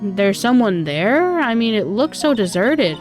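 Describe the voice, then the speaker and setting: A woman's voice: on the high side, lively intonation, unhurried, a little mellow, faint music behind. A woman reading a spunky curious girl sidekick.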